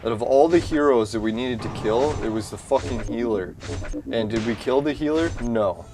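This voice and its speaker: A man's voice: mid-range voice, moderate pace. Man cursing over his game. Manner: cursing, easily frustrated, talks to himself. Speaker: gaming channel host. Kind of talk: casual gameplay commentary. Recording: game music playing clearly underneath.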